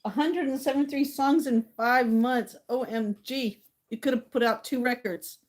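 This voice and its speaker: A woman's voice: a little high, moderate pace. A woman hosting a casual livestream, chatting to viewers and talking sweetly to her dog. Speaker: livestream host.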